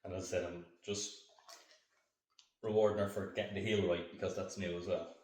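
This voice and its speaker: A man training his dog on camera, calmly explaining each step and breaking off for short commands and upbeat praise to the dog. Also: deep voice, brisk, recorded from a distance, slight background noise. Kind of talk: hands-on training demonstration. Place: indoor training room. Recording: echoey room, voice off-mic.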